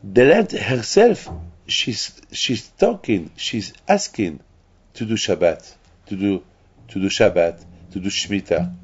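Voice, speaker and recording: A man's voice: lowish voice, lively intonation, slow, husky. A man delivering an emphatic sermon as a rabbi. He repeats himself and often restarts. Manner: emphatic, repetitive preaching with restarts. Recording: dull lo-fi recording.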